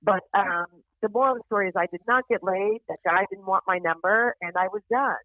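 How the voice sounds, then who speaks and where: On a podcast, a woman stand-up tells a story in casual chat at a medium pitch and a slightly fast pace, swearing freely and animatedly acting out other people's voices. The sound is tinny, like a phone, with no echo.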